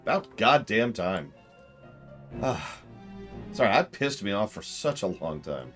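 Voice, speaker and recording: Low voiced streamer dude ranting about games, super lively pitch, faint music behind. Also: male voice, measured pace. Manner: sarcastic, excitable, swears. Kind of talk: casual game stream commentary.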